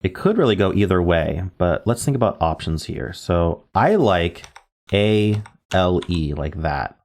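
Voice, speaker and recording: Low-voiced man musing over word puzzles. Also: expressive, unhurried, a little mellow. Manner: muses aloud, spells out letters, self-corrects. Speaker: word game streamer. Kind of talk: casual thinking-aloud gameplay commentary.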